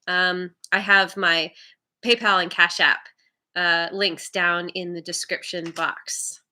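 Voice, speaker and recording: Slow-talking bright-voiced tarot reader. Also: female voice, on the low side, fairly even intonation. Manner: laughs often, warm and encouraging to viewers; stumbles over viewer names. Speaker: tarot reader hosting a live stream. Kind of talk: casual live-stream chat.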